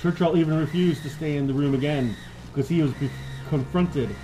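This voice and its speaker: A man's voice: fairly high pitch, brisk, background noise. Crude joking male podcast host. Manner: crude, joking, laughs often. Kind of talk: casual comedic chat and reading.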